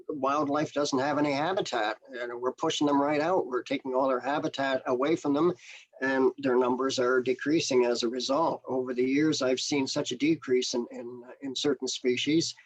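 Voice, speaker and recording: A man's voice: mid-range voice, dull audio. An older man, a naturalist guest on a video call, talking in a hesitant, rambling way with many fillers. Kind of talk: casual interview conversation.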